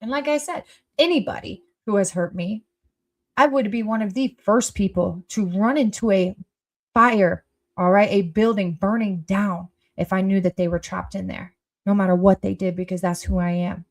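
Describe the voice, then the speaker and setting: A woman talking casually to her viewers, blunt and emphatic, who swears freely and swings from loud outbursts to soft asides. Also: mid-range voice, moderate pace. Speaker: vlogger. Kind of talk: casual personal talk to viewers.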